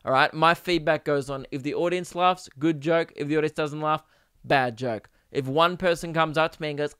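Smooth-voiced ranting comedian. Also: male voice, a little high, steady tone, normal speed, fairly bright tone, dry recording, clean studio sound. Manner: ranting, swears often, acts out quoted people. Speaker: stand-up comedian and show host. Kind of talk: casual comedic monologue.

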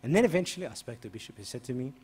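A man, a priest answering an interview by telling a story, acting out the dialogue and getting louder as it heats up. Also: very fast, breathy edge. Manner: animated, re-enacts dialogue with rising pitch and volume.

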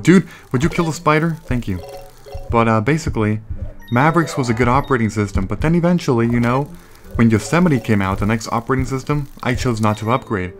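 A young man doing let's play commentary at home, rambling and ranting and breaking off with exclamations at the game. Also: lowish voice. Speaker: gaming YouTuber. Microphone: desktop USB microphone. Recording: crackling, popping home mic.

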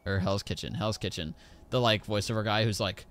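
A man streaming a video game, giving excitable, joking commentary as he plays. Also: deep voice, normal speed. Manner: excitable, exclaims and jokes to himself. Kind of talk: live gameplay commentary.

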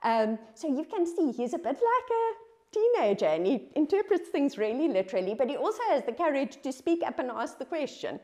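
A woman's voice: sits high, sing-song, fairly quick, dark tone. Woman preaching an earnest, conversational sermon. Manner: earnest, with rhetorical questions; conversational and reflective.

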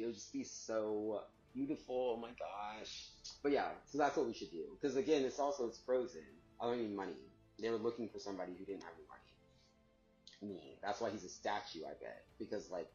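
A man's voice: low voice, darkish tone. A man rambling in a casual monologue, full of filler words and frequent giggles. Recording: roomy, dull sound with faint music.

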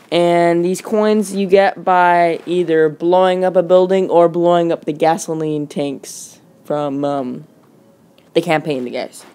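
A woman giving casual, rambling commentary over mobile game footage. She talks quickly and fills her speech with "like" and "um". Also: on the low side, a little mellow. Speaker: gaming channel host. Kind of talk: gameplay commentary.

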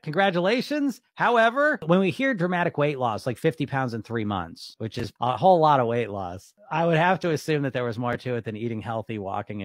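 A man's voice: mid-range voice, dry recording. A man reading viewer comments aloud on a livestream and answering them bluntly and skeptically, swearing casually and laughing often. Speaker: weight loss coach on a livestream.

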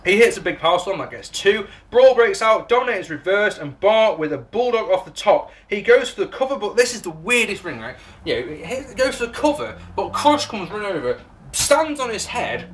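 With slight background noise behind him, an English man reviews a wrestling show in a rambling, sarcastic recap. He swears and laughs at his own jokes in a high, fairly bright voice with an English accent.

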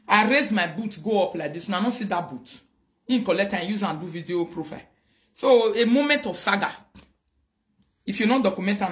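A man's voice: high-pitched, fairly bright tone. A Nigerian man hosting a show, talking animatedly in a casual mix of Pidgin and Yoruba, laughing often. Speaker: show host. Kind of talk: casual live-show commentary.

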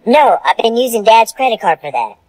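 A woman's voice: fairly high pitch, big pitch swings, brisk, darkish tone, no room sound. A woman performing a comedy skit in a casual, slangy, dismissive way.

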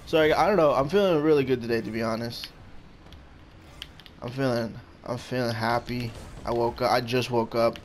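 A man hosting a gaming channel, giving casual commentary on his own play and blurting out quick reactions and short shouts. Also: medium pitch, fairly even intonation, slight background noise. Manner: talks to his opponent and himself.

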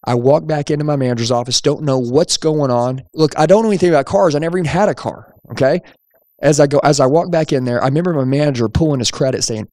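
A man's voice: fairly high pitch, quick pace, a little mellow, no room sound, clean studio sound. A man hosting a podcast, telling his own story with energy and emphasis and acting out the dialogue. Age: young adult at the time of the story, now older. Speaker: podcast host, sales trainer. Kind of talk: storytelling monologue.

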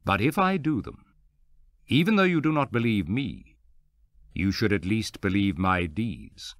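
Low-voiced guy reading jesus, calm teacher, measured, dry close mic. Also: no room sound. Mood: earnest. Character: Jesus, a calm adult male teacher speaking with authority. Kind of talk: scripture reading.

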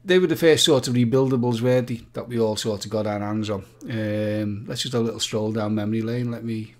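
A man's voice: lowish voice, a little fast. A man hosting a live-stream quiz, chatting playfully and joking with the viewers. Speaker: livestream quiz host.

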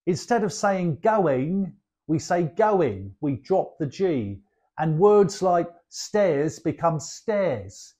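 Cockney guy explaining his way of talking, chatty, takes it slow. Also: a little high, warm tone. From London, England. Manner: chatty, calls the host "love". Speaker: guest. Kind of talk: explaining in a friendly chat.

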